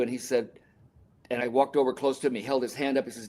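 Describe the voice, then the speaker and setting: A man's voice: mid-range voice, fairly even intonation, fast, warm tone, a little hiss or hum. An older man telling a personal story in a podcast interview, earnest and emotional, now and then correcting himself. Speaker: guest, sports scientist and author.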